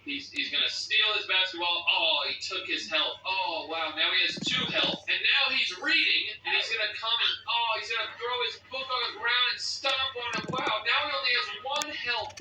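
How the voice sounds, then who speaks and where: A man doing comedic reaction commentary on gaming videos, incredulous and exaggerated, bursting into shouted reactions. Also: high-pitched, animated, normal speed, few pauses, recorded from a distance, background noise. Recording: echoey room, away from the mic.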